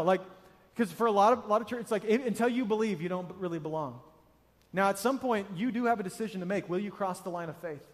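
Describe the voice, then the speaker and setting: A male pastor gives a conversational sermon, leaning hard on his points and acting out the people he quotes. His voice sits fairly high. It rings with the long reverb of a church auditorium.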